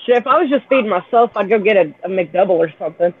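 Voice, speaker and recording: A woman's voice: mid-range voice, lively intonation, fast talker, husky. A blunt woman who swears casually, chatting over a tinny phone-like line. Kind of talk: casual chat.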